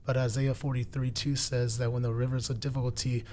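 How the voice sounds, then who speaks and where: This guest, a man in his twenties, talks a little fast in a flat, slightly mellow mid-range voice, with slight background noise. His conversational faith testimony is earnest and preacherly, with phrases repeated for emphasis.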